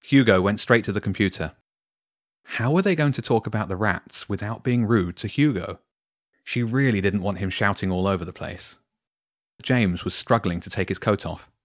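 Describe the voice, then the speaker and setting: A man reading his own bedtime story aloud to two boys, with a lively, expressive delivery. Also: on the low side, normal speed, no echo, clean studio sound.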